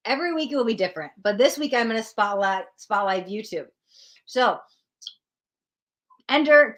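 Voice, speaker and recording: A woman hosting a live-streamed tarot reading, talking straight to viewers in an animated, encouraging way. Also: fairly high pitch, poor audio.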